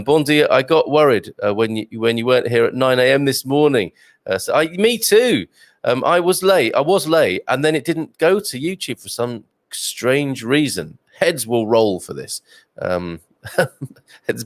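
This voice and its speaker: A livestream host speaking in a mid-range voice reads out his viewers' comments from home, where a wood stove sits nearby. He's jokey and conversational, full of fillers, and the recording is dry and studio-clean.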